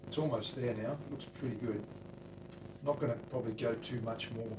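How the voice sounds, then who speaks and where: A man's voice: mid-range voice, steady tone, moderate pace, background noise. A man with an Australian accent chatting to his live-stream viewers while he works, picked up in his workshop. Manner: chatty, talks to chat viewers by name while working. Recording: roomy workshop sound from a distant mic.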